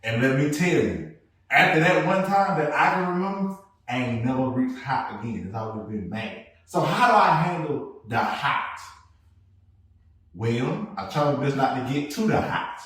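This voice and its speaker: Animated man in an echoey room. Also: normal speed. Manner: animated storytelling, swings between loud bursts and low asides. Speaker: podcast co-host. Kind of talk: casual podcast chat. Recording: echoey room, mic at a distance.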